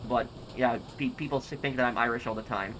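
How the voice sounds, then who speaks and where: A man's voice: medium pitch, fairly even intonation, a little fast, fairly bright tone, slight background noise. A young American man streaming a game live, reading chat and thinking aloud with hesitant, repeated starts. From United States.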